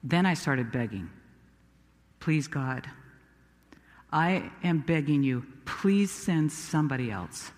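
A man's voice: high-pitched, animated, unhurried, long pauses, a bit bright, in a large hall. A man playing Moses, a humble, self-doubting Hebrew prophet, in a first-person dramatic sermon told with earnest, emphatic storytelling. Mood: pleading. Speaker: preacher.

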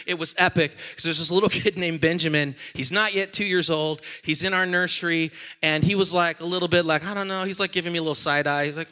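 Bright, high-voiced pastor preaching. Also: male voice. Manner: animated storytelling, playful. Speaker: senior pastor. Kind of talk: sermon. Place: church.

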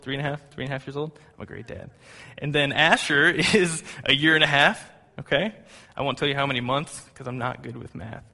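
Pastor, man in his thirties, chatty sermon style with asides, bright tone, reverberant church hall. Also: medium pitch. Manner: conversational storytelling with fillers and asides.

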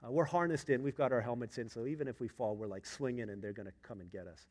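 A man preaching a sermon, telling a family story that swings from hushed asides to loud, emphatic moments. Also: mid-range voice, fast. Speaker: pastor. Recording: long reverb of a large hall.

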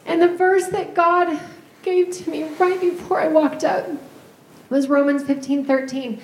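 A woman's voice: high voice, flat delivery, unhurried, darkish tone. A woman, a pastor's wife, giving a heartfelt, tearful farewell to her church. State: crying. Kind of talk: emotional farewell address. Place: church sanctuary. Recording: echoey church sanctuary.

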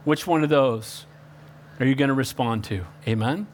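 A man preaching a sermon, calling out for amens and swinging between loud emphasis and hushed pleading. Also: medium pitch, normal speed. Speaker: pastor.

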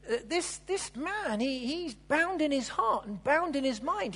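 A preacher giving a sermon, telling the story vividly and swinging between loud exclamations and hushed asides. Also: medium pitch, husky. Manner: animated storytelling, acting out the characters' lines.

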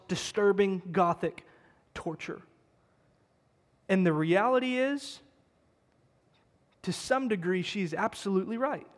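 A man preaching a sermon as pastor, emphatic and conversational, repeating words for stress. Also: high voice. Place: church sanctuary. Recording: long church-hall reverb.

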